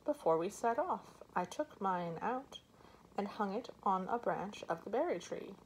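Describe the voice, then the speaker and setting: A woman voicing a clever, calm female monkey who speaks lightly and teasingly in a storybook reading. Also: mid-range voice, a little slow, a little hiss or hum, natural voice, poor audio. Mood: coy.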